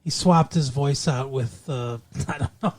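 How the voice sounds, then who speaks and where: A man's voice: medium pitch, unhurried, a little hiss or hum. A man hosting a podcast, talking in a loose, casual chat. He jokes and teases, keeping a dry running gag going. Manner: joking, teasing. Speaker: podcast host.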